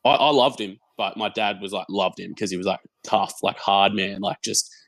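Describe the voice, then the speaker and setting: Low-voiced young Australian man, lively storyteller. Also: normal speed, vocal fry, dry recording. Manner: animated storyteller, laughs often, stumbles and repeats words. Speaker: guest, football content creator. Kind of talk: casual podcast chat.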